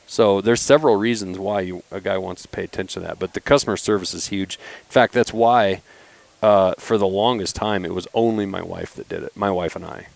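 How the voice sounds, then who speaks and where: Lower-pitched man telling stories casually. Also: brisk, vocal fry, dry recording. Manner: animated, acts out quoted voices when telling stories. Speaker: knife company founder, podcast guest. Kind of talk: casual storytelling chat.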